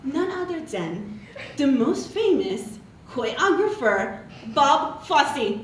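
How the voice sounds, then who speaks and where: Brief: comedian plays high-voiced, slow, self-absorbed retail-worker oddball, rambling brags, recorded roomy on a live stage. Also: female voice, very animated, recorded from a distance, very noisy, full character voice. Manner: rambling, repetitive, tacks on "okay?". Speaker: stand-up character comedian. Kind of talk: live character stand-up monologue. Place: stage before a live audience. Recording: roomy live stage sound from afar with audience.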